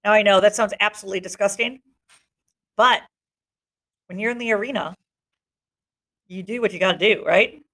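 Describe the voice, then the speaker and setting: A woman's voice: medium pitch, moderate pace, long pauses, fairly bright tone. A woman teacher reading a novel aloud to her students in the first person, breaking off for chatty asides. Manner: chatty asides between passages.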